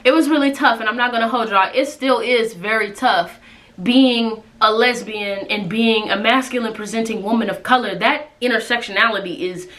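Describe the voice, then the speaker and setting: A woman's voice: a little high, normal speed, fairly bright tone. A woman in her twenties telling a personal story to her viewers in a candid, casual way. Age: 20s. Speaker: vlogger.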